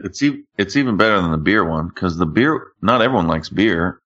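A male co-host with a very deep but forceful, bright-edged voice jokes bluntly in casual chat. His sound comes through dull and lo-fi. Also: animated, fairly quick. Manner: joking, blunt.

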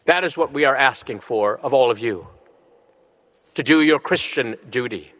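A middle-aged man, a bishop, preaching a sermon with earnest, slow and emphatic phrasing. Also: medium pitch, fairly bright tone. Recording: long reverb of a large hall.

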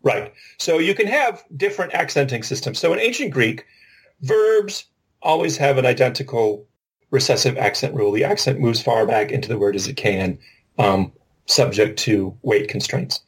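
A man's voice: medium pitch, lively intonation, moderate pace, breathy edge. A man co-hosting a podcast, explaining a linguistics topic in casual chat and thinking aloud as he goes. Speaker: podcast co-host.

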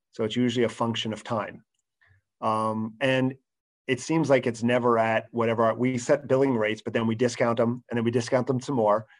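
Flat-voiced man explaining accounting. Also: medium pitch. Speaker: accountant, podcast guest. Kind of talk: explanatory interview talk.

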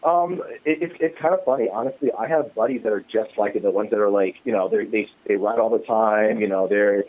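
A man's voice: lowish voice, fairly quick. Laid-back man on a tinny phone line. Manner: amused, laid-back, lots of fillers. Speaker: guest. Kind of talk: casual chat.

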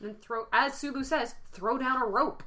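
A woman co-hosting a casual chat podcast, joking and teasing with quick asides. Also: high-pitched, sharp tone, a little hiss or hum. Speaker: podcast co-host.

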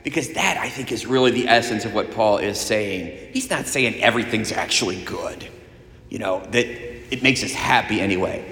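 A casual preacher in an echoey hall. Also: male voice, fairly low pitch, normal speed. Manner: casual and animated, with frequent restarts. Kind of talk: conversational sermon. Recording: echoey room with long reverb.

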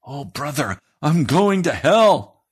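A man's voice: high voice, big pitch swings, a little slow, husky, voice pushed up, heavily acted. A man voicing a desperate, repentant man who pleads and cries out for prayer. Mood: anguished. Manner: pleading, crying out.

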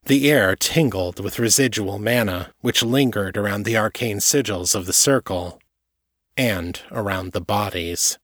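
A low-voiced male audiobook narrator reads a chapter of scripted narration in a steady, measured way. The recording is dry and close, with no room sound.

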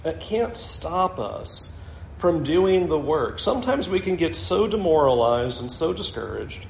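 A man's voice: a little high, very animated, measured pace, gravelly, a little mellow, roomy sound, slight background noise, poor audio. A man preaching a sermon in a conversational way, acting out the people in the story as he goes. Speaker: pastor.

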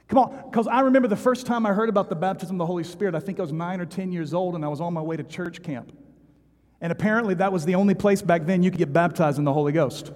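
A male preacher with a fairly high voice, moving between scripture, prayer and lively personal stories. He talks in a conversational, animated way and often repeats himself. His voice carries the long reverb of a large hall. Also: fast talker. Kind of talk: sermon with storytelling.

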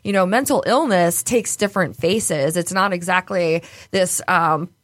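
A woman's voice: on the low side, unhurried, dry recording. A woman from New York speaking candidly in a casual interview, laughing often and swearing freely. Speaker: podcast guest.

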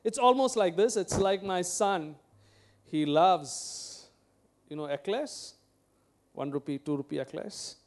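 A man's voice: sits high, takes it slowly, a little mellow. A middle-aged man, preaching a sermon as pastor, chatting with the congregation through questions and personal stories. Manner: conversational, asks the congregation questions, tells personal anecdotes.

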